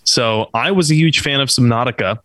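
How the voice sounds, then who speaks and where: An easygoing man hosting a gaming chat. His voice sits at a middle pitch and is recorded dry and close, with no room sound. He tosses out jokes between news items. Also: a little fast, pushed and bright, dry recording. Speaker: podcast host. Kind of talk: casual chat.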